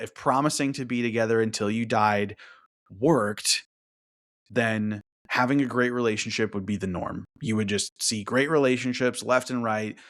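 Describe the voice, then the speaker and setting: A man hosting a relationship podcast who talks through his point in a casual monologue, tags many sentences with "right?", and acts out other people's thoughts. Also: fairly bright tone. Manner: conversational, keeps adding "right?"; acts out quoted thoughts in a higher voice.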